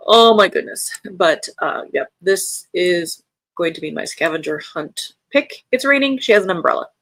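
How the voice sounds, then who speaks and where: A woman with a fairly low voice and lively intonation speaks a little slowly, with no echo. She hosts a live reading sprint stream in an American accent, chatting casually and reading viewer comments aloud with bright lifts in a friendly, chatty way.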